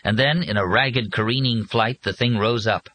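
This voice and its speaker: A man narrating an audiobook in an expressive, measured way. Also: medium pitch, slight background noise, low-quality recording.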